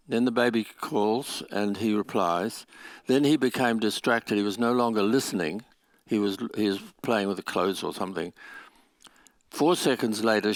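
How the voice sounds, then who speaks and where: Man, conference lecture, explanatory, low voice, dry sound. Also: dry recording. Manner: explanatory, with restarts and small laughs. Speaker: conference speaker. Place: lecture venue.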